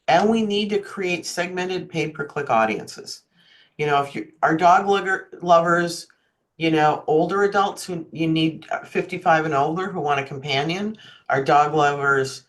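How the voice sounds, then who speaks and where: A woman giving an online marketing workshop on a video call, chatty and often checking in with her listeners. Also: low voice. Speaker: marketing presenter.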